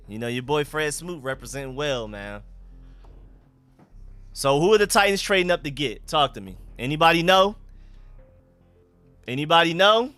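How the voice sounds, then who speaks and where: Bright-voiced man streaming live. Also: medium pitch, clean tone. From Atlanta, USA. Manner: relaxed, slangy, bursts of hype calling out picks. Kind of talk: casual live-stream chat reading comments.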